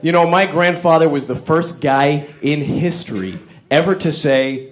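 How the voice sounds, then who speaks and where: A man's voice: fairly high pitch, moderate pace. A man doing a stand-up routine on a live comedy stage, rambling through his stories with restarts and asides. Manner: animated, rambling storyteller with restarts.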